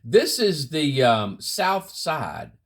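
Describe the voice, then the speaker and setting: A man with a husky, slightly breathy voice talks straight to his viewers in a relaxed, folksy Bible lesson. His pitch swings up and down freely. He repeats his points and keeps calling his audience "guys.". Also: very slow. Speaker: Bible teaching channel host. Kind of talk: casual spoken Bible lesson to camera.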